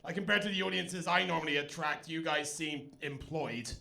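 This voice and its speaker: A man's voice: on the high side, normal speed, vocal fry, noisy background. A man from England with an English accent tinged with Austrian, doing a sardonic, self-mocking stand-up comedy set. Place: comedy stage before a live audience.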